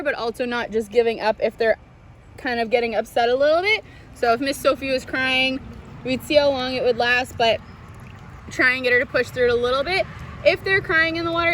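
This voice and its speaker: A woman's voice: sits high, fairly bright tone, slight background noise. A young woman, a swim instructor, giving tips to parents at a pool, switching into sing-song baby talk. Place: swimming pool.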